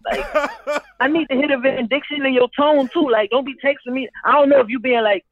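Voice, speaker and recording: A man co-hosting a casual podcast, ranting in an animated, profane way with lots of repeated fillers. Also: extremely high pitch, fast. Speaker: co-host. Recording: muffled with loud crowd noise.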